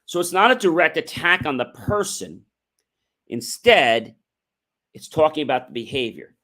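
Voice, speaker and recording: A man's voice: a little high, sing-song, normal speed, pushed and bright. A middle-aged man hosting a motivational livestream, coaching viewers with rhetorical questions and acting out sample conversations. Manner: emphatic, coaching delivery with rhetorical questions and acted-out example dialogue.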